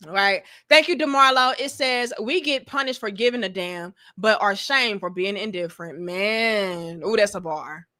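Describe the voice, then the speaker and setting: A woman hosting a casual livestream, reading chat comments and giving blunt, profane, animated advice. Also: medium pitch, moderate pace, hardly any pauses.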